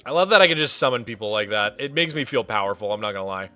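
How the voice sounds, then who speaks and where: A young man chatting casually while hosting a game stream, excitable and playful, greeting viewers by name. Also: on the low side, racing, faint music behind. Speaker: livestreamer and server host.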